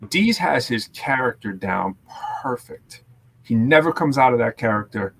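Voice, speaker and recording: A man in casual chat, talking in an animated, rambling way and filling his speech with "you know what I'm saying". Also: medium pitch, moderate pace, gravelly. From Massachusetts.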